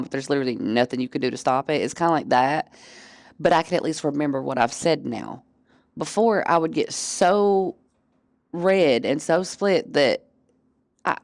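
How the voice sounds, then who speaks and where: A woman's voice: sits low, gravelly, dry recording, clean studio sound. A woman streamer chatting casually with her viewers, candid and profane, often laughing. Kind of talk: casual chat.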